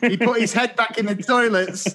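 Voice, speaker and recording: A man's voice: very high-pitched, fairly even intonation, moderate pace, pushed and bright. A British man co-hosting a podcast, playful and teasing in casual chat. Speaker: podcast co-host.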